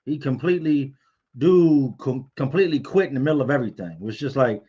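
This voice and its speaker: A man's voice: mid-range voice, fast talker, warm tone, breathy edge. A man hosts a casual livestream, telling personal stories in a frank, conversational way. His voice sits in a middle range. The audio is a little dull and lo-fi. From Virginia, US. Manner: candid, storytelling, reads out viewer comments. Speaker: livestream host answering viewer chat.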